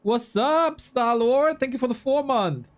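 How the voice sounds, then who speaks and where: A young esports caster and streamer with an extremely high voice casts a strategy game live at an unhurried pace. Lively and chatty, he reacts to viewers mid-commentary and talks with them between plays as the match unfolds.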